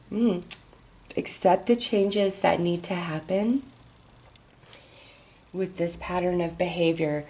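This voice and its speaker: A woman's voice: on the low side, gravelly, darkish tone. A woman giving an encouraging tarot reading, speaking directly and soothingly to her viewers. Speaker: tarot reader.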